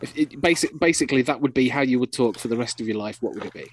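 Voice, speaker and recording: A man's voice: fast, a little hiss or hum, poor audio. A man co-hosting a casual podcast, talking in a rambling, chatty way with frequent restarts. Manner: rambling, chatty, lively pitch, laughs often. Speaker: podcast host. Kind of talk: casual chat.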